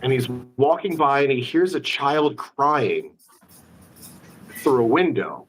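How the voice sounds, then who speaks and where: A man hosting a casual live-stream interview, an animated storyteller full of quick asides. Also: mid-range voice, a little hiss or hum. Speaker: magician, host.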